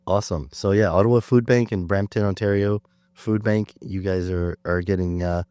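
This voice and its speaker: A sick man with a very low voice hosts a laid-back podcast chat, rambling comfortably with ums and uhs. The sound is close and dry with no room echo. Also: normal speed, clean tone. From Canada. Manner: relaxed, chatty, self-deprecating with fillers. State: sick, under the weather. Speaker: podcast host. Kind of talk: casual chat.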